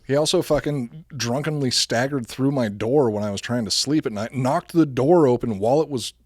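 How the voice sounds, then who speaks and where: A man's voice: medium pitch, normal speed, no echo, studio quality. Blunt, profane podcast host man. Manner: blunt, profane, laughs at his own jokes. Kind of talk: casual chat and ad reads.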